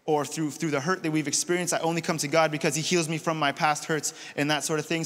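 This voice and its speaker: A man preaching a sermon in a church, retelling scripture in a relaxed, conversational way. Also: on the high side. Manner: conversational storytelling, retells scripture in casual paraphrase. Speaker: pastor. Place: church auditorium. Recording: long hall reverb.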